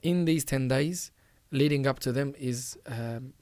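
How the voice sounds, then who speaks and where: A man speaking at a middle pitch gives earnest religious advice as a podcast host. He presses his points by repeating phrases and urging the listener directly. The recording is dry and close, with no room sound. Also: a little slow, a little mellow, no echo.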